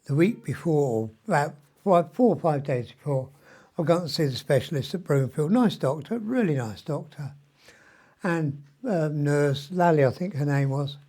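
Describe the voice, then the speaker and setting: A man's voice: on the high side, expressive, moderate pace, a little mellow. Tired, rambling older man in his 70s. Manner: chatty, meandering, mild swearing, frequent ums. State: weak and short of breath from illness. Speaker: vlogger. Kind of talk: rambling personal video diary.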